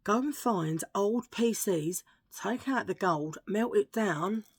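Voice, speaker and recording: A middle-aged woman chatting casually to camera as a vlogger, playful and prone to hushed asides. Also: medium pitch, animated, slow pace, husky, no room sound, clean studio sound.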